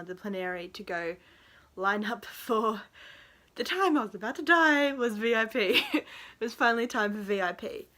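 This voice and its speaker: A young woman tells a storytime in a vlog. She rambles, laughs between phrases and fills pauses with "um" and "like". Her voice sits at a middle pitch for a woman. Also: pushed and bright. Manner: rambling and giggly, full of fillers. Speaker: vlogger.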